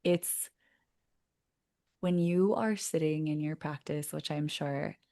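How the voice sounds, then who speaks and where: A woman with a slightly low voice talks as a podcast guest. She tells her story in a lively, conversational way and laughs often. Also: takes it slowly, gravelly. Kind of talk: casual interview storytelling.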